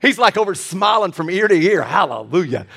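A male pastor preaching a lively sermon with jokey asides and repeated restarts. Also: sits high, brisk, vocal fry.

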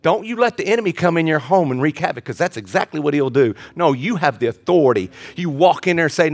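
A middle-aged man, a pastor, preaching with humor, swinging between loud outbursts and quiet moments. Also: on the high side, lively intonation, fast talker, few pauses, dry recording. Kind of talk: sermon.

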